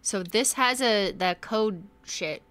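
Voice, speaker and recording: A woman's voice: medium pitch, slow pace, a bit bright. A young woman streaming a game live, playfully commenting and reading letters aloud, joking around and slipping into mock accents.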